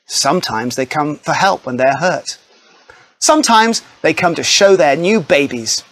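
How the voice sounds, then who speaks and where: Male narrator for a kids' read-along, friendly and animated, slightly high voice. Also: a little slow. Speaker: storybook narrator. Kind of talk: scripted children's story narration.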